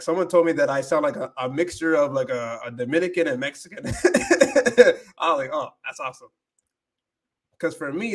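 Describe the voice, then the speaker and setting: A young American man whose first language is English, hosting a casual livestream and switching between English and Spanish with many fillers and restarts. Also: on the high side. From United States. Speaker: livestream host.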